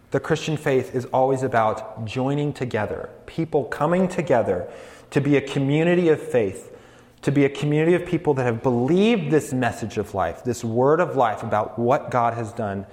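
A man's voice: mid-range voice, darkish tone. A man preaching a sermon to college students as a campus ministry preacher, earnest and building emphasis, with light jokes along the way. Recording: echoey hall with long reverb.

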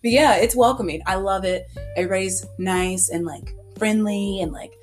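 A woman's voice: mid-range voice, moderate pace, faint music behind. A young woman talking as a podcast guest in a casual chat, telling stories animatedly with lots of "like" and frequent laughter. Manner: animated storyteller, heavy use of "like", laughs often.

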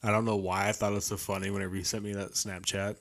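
A man's voice: on the low side, flat delivery, fast talker, a bit bright. A young man co-hosting a podcast, chatting casually and reacting with easy laughter. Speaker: podcast co-host. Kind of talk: casual chat.

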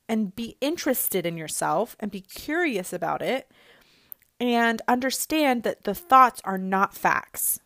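A woman's voice: a little high, lively intonation, unhurried, fairly bright tone, no room sound, studio quality. A woman coach speaking in a conversational, encouraging coaching monologue, with frequent casual fillers.

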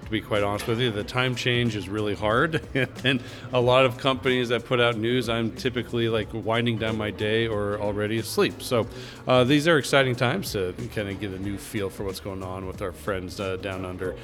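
A man hosting a podcast, introducing his guest and asking questions in a relaxed, chatty way. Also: lowish voice, moderate pace, faint music behind. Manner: relaxed, chatty, laughs easily. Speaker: podcast host. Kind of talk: podcast interview.

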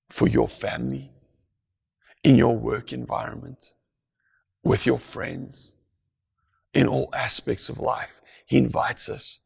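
Male preacher, husky, unhurried delivery, hushes down for emphasis. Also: medium pitch. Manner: slow, deliberate, drops to a hush for emphasis. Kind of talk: sermon.

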